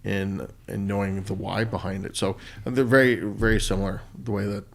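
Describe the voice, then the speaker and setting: Middle-aged man, podcast co-host, low voice, reflective and halting. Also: little pitch movement, gravelly. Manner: thoughtful, halting with restarts. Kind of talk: casual conversation.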